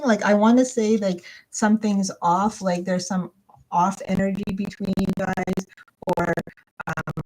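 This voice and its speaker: A woman's voice: medium pitch, a little mellow. Rambling woman reading tarot live. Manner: rambling, hesitant, many fillers and restarts. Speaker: tarot reader.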